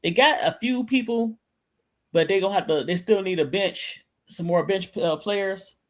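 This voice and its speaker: Co-hosting a casual sports chat, a woman from Michigan speaks in a mid-range voice at a moderate pace. She's on a remote call away from her mic at the computer, rambling and often starting sentences over.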